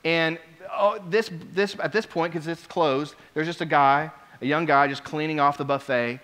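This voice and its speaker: A man preaching a sermon, telling a story with lively swings between quiet asides and loud exclamations. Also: a little high, normal speed, clear, resonant tone. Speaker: pastor.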